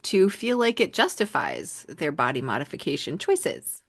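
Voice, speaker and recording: A woman co-hosting a podcast, talking frankly and with lots of swearing in a casual, animated chat. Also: low voice, moderate pace, creaky, breathy edge, no room sound, studio quality. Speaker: podcast co-host.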